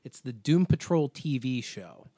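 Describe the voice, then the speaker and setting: Brief: man, mid-pitched, laid-back podcast chat, dry mic. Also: lively intonation, unhurried, mellow, dry recording. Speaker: podcast co-host. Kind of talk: casual chat.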